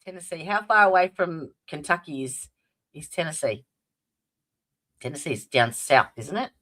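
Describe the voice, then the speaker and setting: A woman's voice: low-pitched, expressive, moderate pace, a bit bright. An Australian woman hosting a casual livestream, chatty and welcoming viewers by name, with plenty of fillers. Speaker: livestream host.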